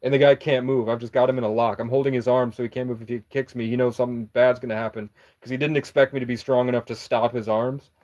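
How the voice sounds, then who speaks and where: Talking fast with hardly any pauses, a young vlogger delivers a casual story in a flat, mid-range, slightly mellow voice. He rambles, swears liberally, and goes back to correct himself, on a dull lo-fi recording.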